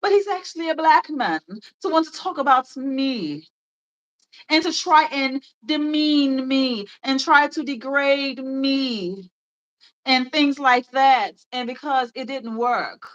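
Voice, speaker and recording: A woman's voice: sits high, slow, a bit bright, lo-fi sound. A woman in her thirties with a Memphis accent, hosting a livestream in rambling, chatty talk full of fillers and laughs. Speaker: livestream host. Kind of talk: casual chat.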